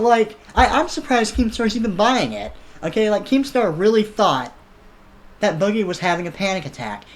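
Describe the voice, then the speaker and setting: An online commentator ranting in a heated, sarcastic, profane reaction commentary. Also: medium pitch.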